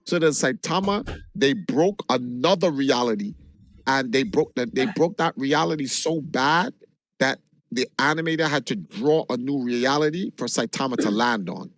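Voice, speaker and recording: A man from Jamaica, a livestreamer, telling a long story in an animated, casual way and swearing freely. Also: mid-range voice, normal speed, no room sound. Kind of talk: casual chat.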